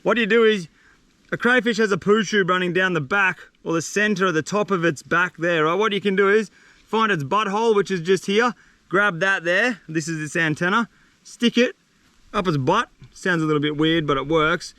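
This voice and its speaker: An Australian man vlogging outdoors on a windy coast, talking in an energetic, slangy, enthusiastic way. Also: sits high, normal speed, no room sound. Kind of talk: casual vlog narration.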